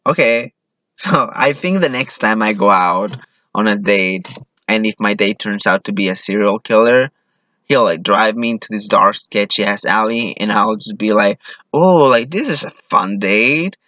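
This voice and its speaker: A man's voice: fairly low pitch, normal speed, bright, forceful tone, no room sound. A man from Mexico telling a self-deprecating personal story on stage, acting out what people said. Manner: self-deprecating, acts out quoted voices. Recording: dull, lo-fi sound.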